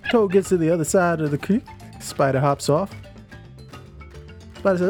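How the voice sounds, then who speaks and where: A man playing a tabletop game, telling a campfire fable in an animated, playful way. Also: high voice, takes it slowly, long pauses, soft background music. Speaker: player.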